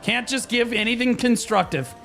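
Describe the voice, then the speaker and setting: A man's voice: extremely high pitch, normal speed, gravelly, a bit bright, soft background music. A young man streaming a game, ranting in a frustrated, profane, rambling way with many restarts. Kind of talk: live-stream rant.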